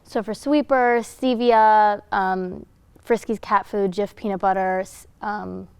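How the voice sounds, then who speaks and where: A woman's voice: medium pitch, fairly even intonation, smooth, dry recording. A nineteen-year-old woman from New York, a voice actor, chatting in a friendly, chatty way in a college radio studio. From Syracuse, New York. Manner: friendly, chatty, quick to laugh. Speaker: guest voice actor. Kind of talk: casual interview chat.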